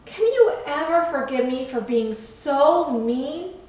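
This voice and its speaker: A woman voicing a cocky, mischievous little male boat in a children's storybook, teasing and excitable. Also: sits high, takes it slowly. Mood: sorry. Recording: echoey room, far from mic.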